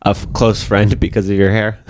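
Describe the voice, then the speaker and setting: A man's voice: fairly low pitch, level tone, moderate pace, darkish tone. A young man co-hosting a casual comedy podcast, candid and rambling, laughing often as he talks. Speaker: podcast co-host.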